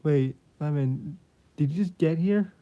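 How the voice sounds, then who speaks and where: A man's voice: on the high side, measured pace, muffled recording, slight background noise. A man chatting casually on a livestream, rambling and swearing freely while talking to his viewers. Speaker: streamer.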